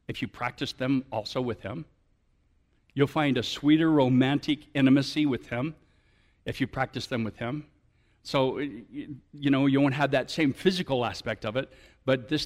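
A male pastor preaching a sermon to his church, often building up to animated, emphatic appeals. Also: medium pitch.

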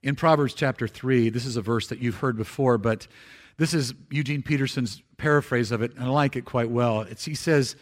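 A man giving a conversational sermon in church, slowing for scripture and dropping soft for emphasis, with frequent restarts. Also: medium pitch. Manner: repeats words and restarts phrases. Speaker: pastor.

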